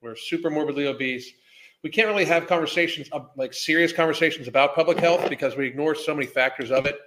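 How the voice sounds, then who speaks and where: A man's voice: on the high side, fast talker, a bit bright, a little hiss or hum. A man hosting a casual livestream as a health coach, rambling, swearing and greeting viewers by name.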